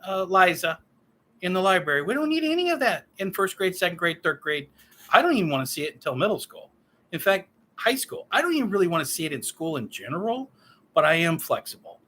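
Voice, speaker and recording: A man's voice: sits high, pushed and bright. A man in his fifties giving a solo political rant, profane, sarcastic and heated. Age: 50s. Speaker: political commentator.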